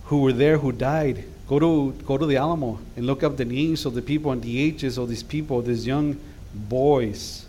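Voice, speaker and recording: In a church sanctuary, a middle-aged guest pastor preaches with passion, his sermon swelling into emphatic exhortations. He has a dark, medium-pitched voice at a moderate pace, with a faint hiss or hum in the audio.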